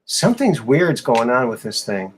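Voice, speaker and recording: A man hosting a casual live-stream chat show, quick to exclaim and ramble when something surprises him. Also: mid-range voice, very animated, slight background noise. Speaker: host.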